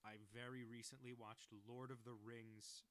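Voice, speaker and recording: A man's voice: mid-range voice, little pitch movement, moderate pace, a bit bright, clear, resonant tone. A man chatting casually while he works on a cartoon, rambling and self-deprecating into a close microphone. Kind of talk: casual chat.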